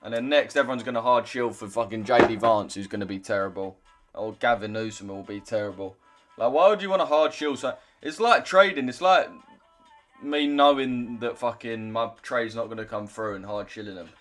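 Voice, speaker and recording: Over soft background music, a young man chats loosely on a trading livestream, reading out chat and swearing now and then. His mid-range voice is fairly bright, with fairly even intonation and a moderate pace.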